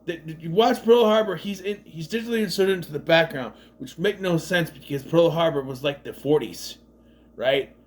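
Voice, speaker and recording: A man's voice: a little high, normal speed. A man giving a casual, rambling movie recap, laughing at the gags and acting out quoted lines. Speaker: movie reviewer.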